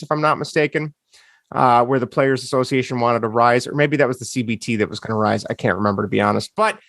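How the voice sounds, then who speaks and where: A man's voice: fairly high pitch, fairly bright tone, no room sound, studio quality. A man co-hosting a podcast, ranting sarcastically in casual chat. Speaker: podcast co-host.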